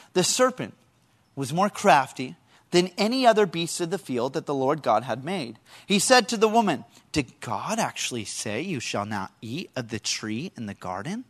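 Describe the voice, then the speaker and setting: A man preaching a sermon to a congregation, telling animated stories and asking the listeners questions. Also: high voice. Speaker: pastor.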